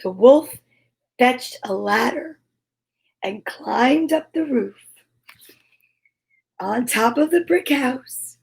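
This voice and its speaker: Slow high-voiced woman telling a fairy tale. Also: expressive, gravelly, a little mellow. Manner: slow, playful reading with asides. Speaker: storyteller. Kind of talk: comic storybook narration.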